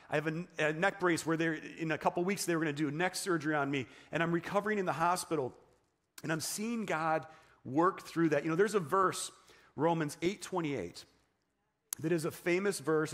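This pastor's voice sits a little high and sounds a bit bright. Preaching in the church sanctuary, he recounts his own experience as a sermon testimony, chatting casually and often using fillers or starting over.

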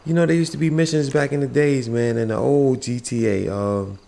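Male gamer, mid-pitched, gravelly and easygoing, slangy commentary with faint background noise. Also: steady tone, a little fast, dark tone, roomy sound. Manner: laid-back, slangy, talks to game characters. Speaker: video game streamer. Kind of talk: casual gameplay commentary.

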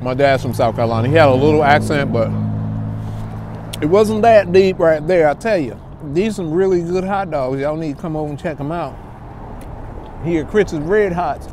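A man's voice: on the high side, moderate pace, darkish tone, a little hiss or hum. A man from Newark, chatting casually to his viewers as a food vlogger while eating outdoors in a city park. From Newark, New Jersey. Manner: chatty, talks straight to viewers as "y'all". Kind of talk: casual chat to camera.

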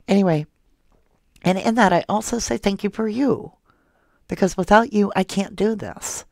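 A soft-spoken woman hosting a true crime livestream, reading viewer comments aloud and calling her viewers love and honey. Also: mid-range voice, measured pace, gravelly, no echo, clean studio sound. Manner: affectionate toward viewers, calls them love and honey. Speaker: true crime channel host.

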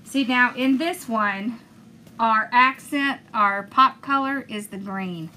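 A woman's voice: on the high side, takes it slowly, pushed and bright. A woman hosting a crafting video, chatting enthusiastically as she talks viewers through each step. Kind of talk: casual crafting demonstration.

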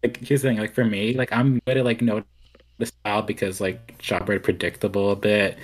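A man's voice: fairly low pitch, flat delivery, a little fast, rough recording. A young man hosting a casual podcast chat, rambling along with lots of "like" fillers. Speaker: podcast host.

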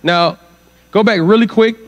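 Man, guest preacher, church conference sermon, rhetorical questions to the congregation, unhurried delivery. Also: high voice, muffled recording. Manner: asks the crowd rhetorical questions.

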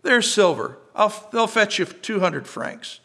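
A man reading the lines of a kindly, forgiving old bishop in a gentle, unhurried way. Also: a little high, animated.

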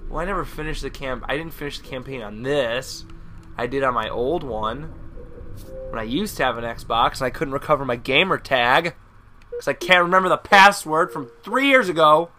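A young man, still a student, commentating his own gameplay, yelping, shouting and swearing at the game. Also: medium pitch, lively intonation, normal speed, a little hiss or hum. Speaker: gaming commentator. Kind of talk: casual live gameplay commentary. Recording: loud game sound under the voice. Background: shooter game sounds and gunfire.

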